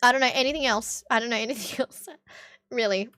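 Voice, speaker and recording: A woman's voice: on the high side, quick pace, pushed and bright, dry recording, clean studio sound. Chatty Aussie woman streamer. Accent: Australian. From Australia. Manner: chatty and blunt, swears often. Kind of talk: casual chat with stream viewers.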